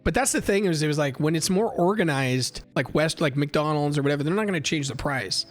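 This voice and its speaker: A man's voice: fairly high pitch, a little fast, faint music behind. A man hosting a livestream, chatting casually and telling rambling stories from a trip, swearing freely and restarting sentences. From United States. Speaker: livestream host. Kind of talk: casual chat.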